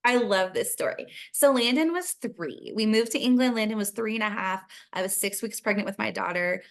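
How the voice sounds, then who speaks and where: A woman's voice: medium pitch, normal speed, vocal fry. Chatty American woman podcast guest. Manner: chatty and candid, shares personal stories. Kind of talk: casual conversational podcast.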